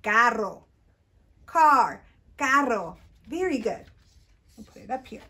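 A woman's voice: high voice, animated, normal speed, sharp tone. A woman reading a bilingual storytime for small children, sing-song and exaggerated, switching between English and Spanish. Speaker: children's librarian.

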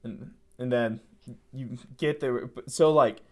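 A man hosting a casual interview, asking questions in a halting way with many restarts. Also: medium pitch, darkish tone. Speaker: interviewer, host.

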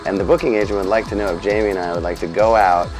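A man being interviewed, telling animated, profane anecdotes about his band. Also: sits low, very fast, faint music behind, poor audio. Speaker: musician interviewee. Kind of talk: storytelling interview.

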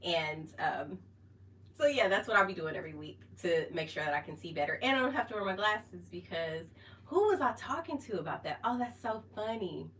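A chatty woman talks to her phone camera in a casual vlog, laughing often, breaking off and restarting. Her voice is bright and lively in tone. She sits a little back from the phone's mic. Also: on the low side, a little fast, recorded from a distance, a little hiss or hum, rough recording. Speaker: vlogger.

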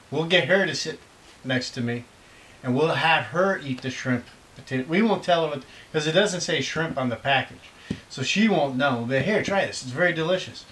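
In a low-quality recording, a middle-aged American father rambles his way through a casual snack-tasting video. He keeps teasing and making dry jokes. His voice sits on the high side and sounds a bit bright.

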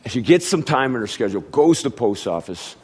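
A middle-aged man preaching a sermon, telling a family story in a storytelling manner and doing animated impressions of his relatives. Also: medium pitch, fast, breathy edge. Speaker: pastor.

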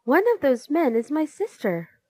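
A woman voicing a loud, excitable boy in a children's story. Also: sits high, slow, dry recording, pitched above the performer's own voice, exaggerated voice. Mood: excited. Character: excitable boy club member.

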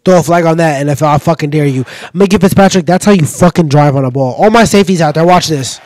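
A man's voice: a little high, quick pace. A man reacting live to a football game, cheering his players by name and swearing freely into a desk mic. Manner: profane, excitable cheering, talks to players.

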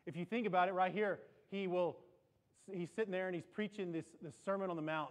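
A man preaching a sermon in a church, animated, often repeating and restarting his words. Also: fairly quick. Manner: animated, climbs in pitch and volume for emphasis. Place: church sanctuary.

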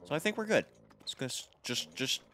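A man's voice: medium pitch, wildly swooping pitch, brisk, fairly bright tone. A man hosting a video game let's play, rambling casually and joking at his own expense while talking to his viewers. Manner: rambling, self-deprecating, talks to viewers. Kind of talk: casual gameplay commentary. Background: game music.

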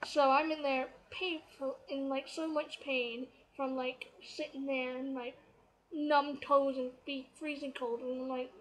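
A woman's voice: sits high, level tone, unhurried, low-quality recording. A young woman from Canada chatting animatedly through a personal story, full of fillers. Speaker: vlogger.

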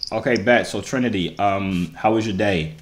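A man's voice: fairly low pitch, normal speed, slight background noise. A man hosting casual video chats, joking around in slangy, teasing banter. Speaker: host. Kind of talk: casual chat.

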